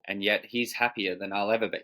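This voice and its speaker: A man's voice: fairly low pitch, steady tone, brisk, bright, forceful tone, low-quality recording. A man being interviewed as a coach, telling a personal story in a thoughtful, searching way with many restarts. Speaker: guest coach. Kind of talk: reflective storytelling in conversation.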